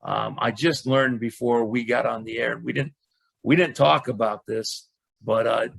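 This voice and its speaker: Gravelly male podcast host. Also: medium pitch, steady tone, unhurried, dry recording. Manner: polite, hesitant questions. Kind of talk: casual interview.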